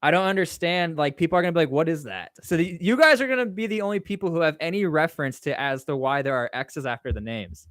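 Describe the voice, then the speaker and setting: A man's voice: on the high side, animated, fast, few pauses, a bit bright, no echo, studio quality. A man hosting a casual livestream Q&A, reading chat questions aloud and answering in a rambling, offhand way. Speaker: livestream host.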